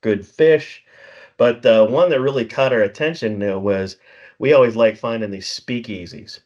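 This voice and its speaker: A man's voice: medium pitch, moderate pace, a little mellow. Middle-aged man telling rambling stories. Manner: rambling storyteller, chuckles often, acts out dialogue. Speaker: podcast co-host. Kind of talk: casual chat. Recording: slightly dull lo-fi recording.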